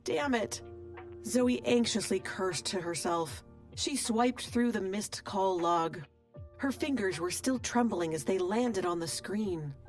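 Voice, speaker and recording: A woman narrating a romance audiobook in a steady, expressive storytelling voice. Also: medium pitch, takes it slowly. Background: soft background music.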